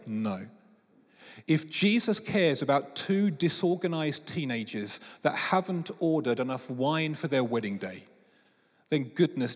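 A man, preaching a sermon with lively storytelling and playful voices. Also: medium pitch, slightly rough. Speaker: pastor. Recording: long reverb of a large hall.

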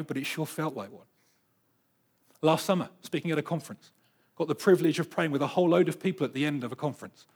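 A husky man preaches a sermon, rising into loud repeated bursts and then dropping to a near hush. His voice sits a little high for a man and carries an easygoing storytelling pull. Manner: dynamic storyteller, swings from loud bursts to hushed asides. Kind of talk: sermon with personal stories.

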